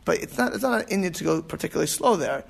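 A man's voice: fairly high pitch, lively intonation, rapid-fire, creaky, husky. A man teaching an informal class on prayer, rambling and restarting with emphatic asides. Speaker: rabbi teaching about prayer.

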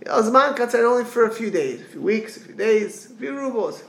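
Guy teaching a lively religious class, gravelly voice, roomy echo on it. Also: very high-pitched. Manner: lively, acts out reluctant people in quick asides. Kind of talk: animated lecture.

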